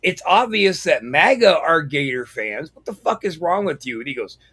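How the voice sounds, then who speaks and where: A man co-hosting a casual podcast chat, telling stories with animated energy and free swearing. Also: on the high side, moderate pace, slightly rough. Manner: animated storyteller, swears freely. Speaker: podcast co-host.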